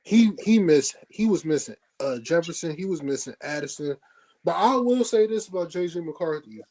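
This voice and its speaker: Man calmly breaking down football. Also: a little high, normal speed, rough recording. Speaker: podcast co-host. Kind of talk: casual sports podcast chat.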